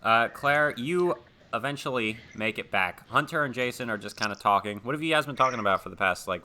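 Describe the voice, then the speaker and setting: A young man as game master, narrating a tabletop horror game over voice chat with relaxed fillers. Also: mid-range voice, brisk.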